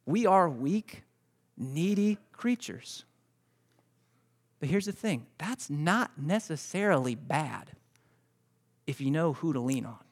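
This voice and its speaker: A pastor with a notably high voice for a man delivers a sermon in a loose, storytelling style. He often stumbles and restarts words, talking straight to the people in the pews. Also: lively intonation, slow pace, pauses often. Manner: conversational storytelling, repeats words; addresses congregation directly.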